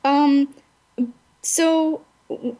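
A woman's voice: high voice, fairly even intonation, drawn-out words, dark tone. Blunt, laughing woman podcast host. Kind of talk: casual podcast chat.

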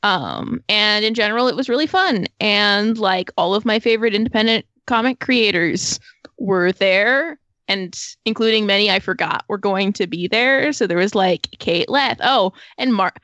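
A woman's voice: mid-range voice, moderate pace, a bit bright, no echo. A woman in casual podcast chat, enthusiastic and rambling, full of "like" and "um.". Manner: enthusiastic, rambling with many likes.

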